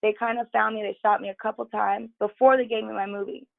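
A woman's voice: medium pitch, flat delivery, quick pace, gravelly, dry recording, phone-quality sound. A woman guest on a talk show, telling candid, profane stories in casual chat with lots of fillers. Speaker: podcast guest.

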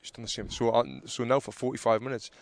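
A man's voice: medium pitch, fast. A man telling stories in casual chat, acting out arguments with rising heat. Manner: animated storyteller who acts out arguments loudly.

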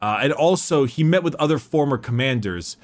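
A man's voice: mid-range voice, lively intonation, fairly quick. A man hosting a podcast, chatting casually and stumbling over names with laughs. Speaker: podcast host. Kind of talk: casual chat.

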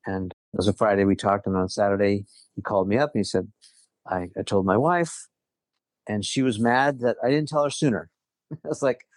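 Middle-aged man, earnest storyteller, lowish voice, dry close sound, casual conversation. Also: a little fast, no echo. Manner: earnest storytelling with frequent restarts and laughs. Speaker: guest.

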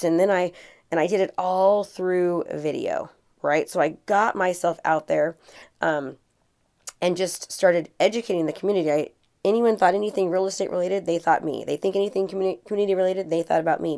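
A woman's voice: lowish voice, darkish tone. A middle-aged woman hosting a podcast, telling her own story in a chatty, earnest way with frequent fillers and restarts. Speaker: podcast host and real estate coach. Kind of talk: casual podcast monologue.

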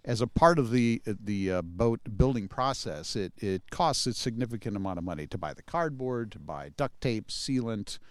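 A middle-aged man telling a long story in casual chat, halting and chuckling as he goes. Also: on the low side, expressive, smooth, no echo. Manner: rambling, halting, chuckles often. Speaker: podcast co-host telling a story.

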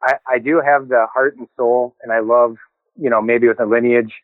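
A man's voice: medium pitch, steady tone, moderate pace, no room sound. Male guest over a tinny phone-like line. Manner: casual, fills with "you know", restarts. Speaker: guest, car builder. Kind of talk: interview answers.

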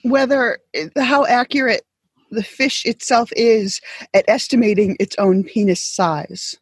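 Woman guest, high husky voice, dry close sound, wry deadpan humor. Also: a little slow, no room sound. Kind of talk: casual comedic chat.

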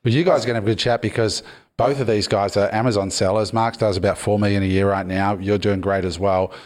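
A man's voice: on the low side, steady tone, fast. A man hosting a podcast interview, steering with questions. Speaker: podcast host. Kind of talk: casual interview.

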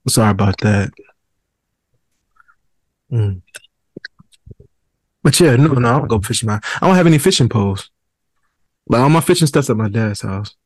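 Relaxed young male podcast host, dry sound. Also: medium pitch, normal speed, long pauses, dry recording. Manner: relaxed, conversational, trailing off and restarting. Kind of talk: casual chat.

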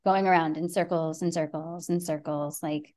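A middle-aged woman guest on a podcast, telling a story in a lively way, acting out quotes and swearing freely. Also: low-pitched, normal speed. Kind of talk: animated storytelling.

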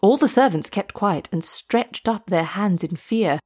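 A woman narrating a story aloud in a steady, measured way. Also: medium pitch, breathy edge.

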